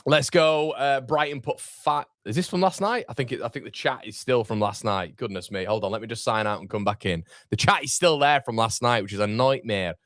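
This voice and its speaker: A man hosts a live football stream, talking loosely and informally to his viewers as he reads out their comments. His voice sits at an ordinary middle pitch, and the sound is close and dry with almost no room in it. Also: a little fast, hardly any pauses, fairly bright tone, no echo. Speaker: football watchalong host.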